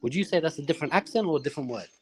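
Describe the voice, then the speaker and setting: A man calling into a live debate, explaining his point at length with many pauses and fillers. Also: a little high, expressive. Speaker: caller debating religion.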